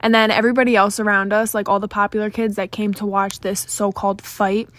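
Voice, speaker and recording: Woman, casual storytime, chatty with "like" fillers, mid-pitched voice, dry close sound. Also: flat delivery, quick pace, fairly bright tone, no room sound. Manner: chatty, frequent "like" fillers, swears freely.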